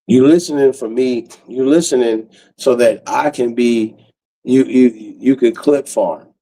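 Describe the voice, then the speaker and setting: Gravelly man rambling on a livestream. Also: medium pitch, a little slow, dark tone, low-quality recording. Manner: loose, profane, rambling, laughs often. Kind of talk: casual late-night livestream chat.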